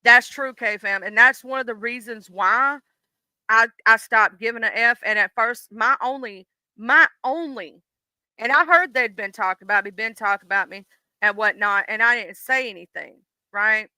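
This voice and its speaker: A woman's voice: a little high, normal speed, sharp tone, clear, resonant tone, no echo, rough recording. A woman with a Southern US accent hosting a casual livestream, talking bluntly and with plenty of swearing to her chat. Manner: blunt, profane, talks straight to chat. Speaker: livestream host.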